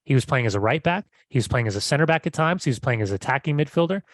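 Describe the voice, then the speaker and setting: A man's voice: mid-range voice, lively intonation, racing, no echo, clean studio sound. A man co-hosting a podcast, talking casually and animatedly, often repeating words as he starts a thought. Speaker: podcast co-host.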